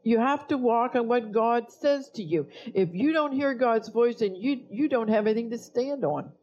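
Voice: medium pitch, lively intonation, moderate pace, darkish tone, muffled recording. A pastor preaching a sermon, blunt and scolding toward the congregation.

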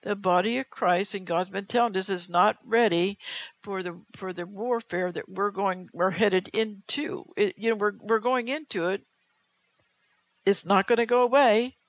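Gravelly fervent preacher, dry sound. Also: medium pitch, steady tone, normal speed, no echo, rough recording. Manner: fervent, exhorting, rhetorical questions; reads scripture aloud. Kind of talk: sermon.

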